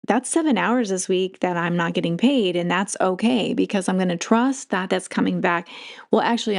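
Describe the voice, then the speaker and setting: On her casual spiritual podcast, a woman delivers a chatty, wandering monologue, laughing often and getting animated as she retells stories. Her mid-range voice has a gravelly texture.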